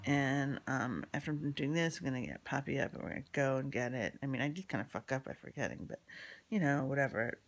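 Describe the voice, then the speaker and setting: A medium-pitched voice moves fairly quickly through a rambling personal story told casually. There's free swearing, lots of fillers and restarts, and the speaker often breaks into unvoiced, whispery asides.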